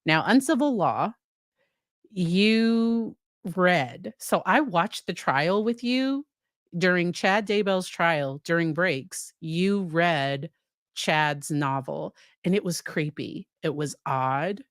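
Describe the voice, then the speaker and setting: A psychologist commenting on a court case chats on a live stream, addressing viewers by name with many restarts and fillers. Her fairly low voice has lively intonation and a slow pace, recorded at studio quality with no room sound.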